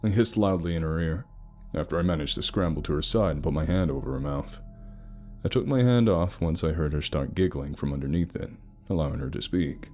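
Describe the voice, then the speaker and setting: A man's voice: rumbling low, a little fast, darkish tone, soft background music. A man narrating a first-person romance horror story in a wry, sarcastic storytelling manner.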